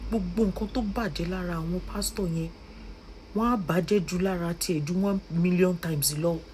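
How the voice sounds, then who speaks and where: A woman's voice: fairly low pitch, steady tone, a little fast, darkish tone, a little hiss or hum, poor audio. A young woman with a Nigerian Yoruba accent giving emotional vlog commentary, pleading and scolding by turns. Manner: impassioned, switching between pleading and scolding. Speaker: social media commentator.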